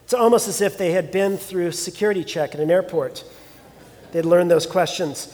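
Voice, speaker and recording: A man preaching a sermon, telling a scripture story with expressive emphasis. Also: high-pitched, normal speed, big-room sound. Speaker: pastor.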